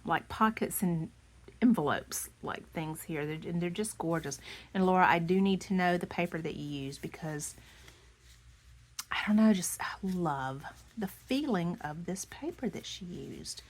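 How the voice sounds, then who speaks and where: A woman, hoarse from losing her voice, chatting casually as she shows off handmade craft pieces, gushing and often dropping into soft half-whispers. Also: lowish voice. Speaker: craft vlogger. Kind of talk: casual show-and-tell chat.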